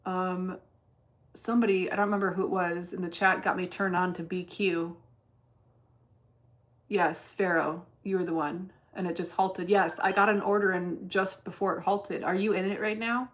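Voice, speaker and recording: A woman's voice: on the low side, steady tone, normal speed. A woman streaming her day trading in casual chat, blunt and cursing freely as she thinks aloud. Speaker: livestreamer trading stocks.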